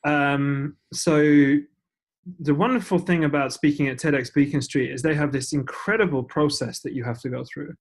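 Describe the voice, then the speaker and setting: A man with an English accent chats as a guest on a podcast in a casual interview, self-deprecating and full of fillers. His pitch is fairly high and his pace moderate.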